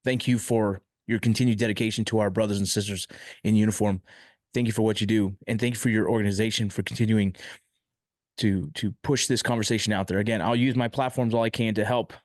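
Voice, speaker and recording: A man hosts a podcast and speaks with emotion and frustration, often breaking off and restarting. His voice sits a little low. The sound is dry and close, with no room echo. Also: steady tone, fast, a little mellow. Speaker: podcast host. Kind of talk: podcast interview.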